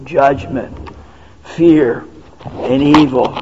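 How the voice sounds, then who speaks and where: Slow, high-pitched preacher in a reverberant hall. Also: male voice. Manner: emphatic, repetitive cadence, drawn-out phrases. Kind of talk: sermon. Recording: dull sound with long reverb in a hall.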